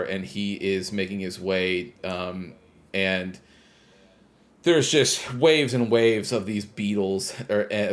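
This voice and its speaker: A man co-hosting a casual podcast, retelling a game's story in a rambling way with lots of "like" and "uh". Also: low-pitched. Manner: rambling retelling, heavy use of "like" and "uh". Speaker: podcast co-host. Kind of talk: casual chat recapping a game plot.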